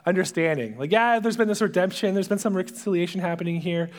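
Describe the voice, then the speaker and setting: A male pastor preaching a sermon, retelling a story dramatically and dropping to hushed whispers at its emotional moments. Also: sits high, quick pace.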